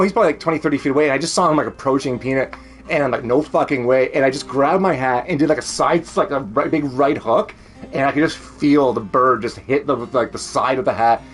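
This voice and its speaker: A man with a medium-pitched voice and a Canadian accent chats casually on a stream from home. He rambles, laughs frequently and swears freely.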